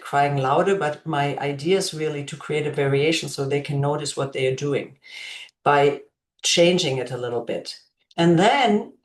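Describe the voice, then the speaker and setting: Slow, gentle woman teaching in an echoey room. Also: on the low side. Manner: slow, deliberate, gently modeling phrases to a child. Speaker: parenting educator. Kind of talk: instructional talk.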